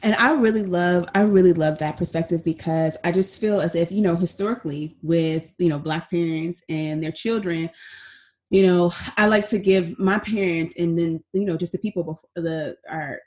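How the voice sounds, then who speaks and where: Young woman, lowish voice, podcast host, supportive, casual chat. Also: normal speed, a little mellow. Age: young adult. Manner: supportive listener, many affirming "yeah" and "mm".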